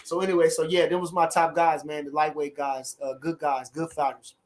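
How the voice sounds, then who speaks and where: A middle-aged man hosting a casual livestream, animated and repeating catchphrases as he chats. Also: a little high, fairly quick. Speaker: livestream host.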